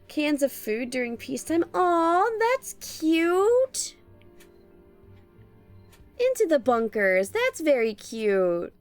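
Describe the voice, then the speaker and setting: A young woman streamer with vocal fry, chatting playfully while she draws and laughing often. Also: high-pitched, sing-song, measured pace, hardly any pauses, faint music behind. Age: young adult. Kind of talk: casual stream chat while drawing.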